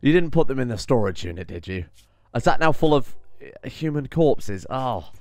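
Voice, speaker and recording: A man giving casual let's-play commentary, often exasperated, swearing and swinging loud when things go wrong. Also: medium pitch, sing-song, moderate pace, dry recording. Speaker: gaming commentator.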